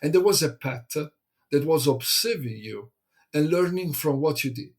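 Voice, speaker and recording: A man from Italy, an English speaker, chats as a guest in a hesitant, halting way, full of fillers and restarts. His voice is husky and a little breathy. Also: on the high side, animated, darkish tone. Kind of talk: casual conversation.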